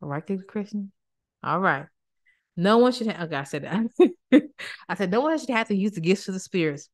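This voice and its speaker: A woman's voice: medium pitch, moderate pace. Emphatic woman giving a Bible teaching. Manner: emphatic, repeats points, colloquial slang; lively, jumps into playful voices for quotes. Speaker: Christian speaker and counselor.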